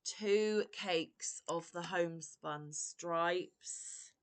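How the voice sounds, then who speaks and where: Woman, vlogger; effusive and exclamatory, slightly low pitch. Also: drawn-out words. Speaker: crochet vlogger. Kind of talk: unboxing vlog.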